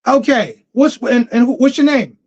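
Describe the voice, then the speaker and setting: With an extremely high, slightly mellow voice at normal speed, this man hosts a laid-back livestream full of slang, laughter and restarted phrases. The recording is dull, lo-fi stream sound.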